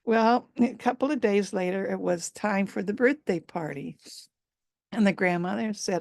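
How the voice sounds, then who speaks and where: A woman tells a folk tale at a live storytelling event, unhurried and chatty with fillers and asides. Her voice is gravelly in a middle pitch. The sound is dry and close. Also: a little mellow, no room sound.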